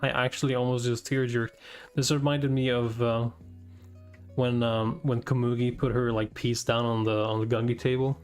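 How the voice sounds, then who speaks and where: A man casually reading a comic aloud and reacting, thinking out loud with many fillers and breaking into surprised swearing. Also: mid-range voice, little pitch movement, normal speed, clear, resonant tone, faint music behind. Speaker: host reading manga aloud.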